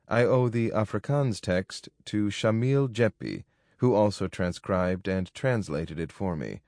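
Male narrator, lowish voice, dry close studio sound, formal measured audiobook reading. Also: a little mellow, dry recording. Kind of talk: scripted narration of a nonfiction book.

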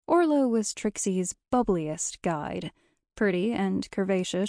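Female audiobook narrator, warm and measured, close dry read. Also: mid-range voice, dry recording.

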